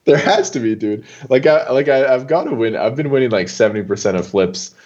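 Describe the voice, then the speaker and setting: A young man talking as a guest on an interview show, loose and animated, full of casual fillers. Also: mid-range voice, a little fast, muffled recording. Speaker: poker player guest.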